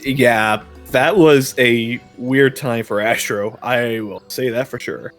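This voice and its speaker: A man playing along on a game stream, giving short relaxed replies and swearing now and then. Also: mid-range voice, takes it slowly, faint music behind. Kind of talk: casual gaming chat.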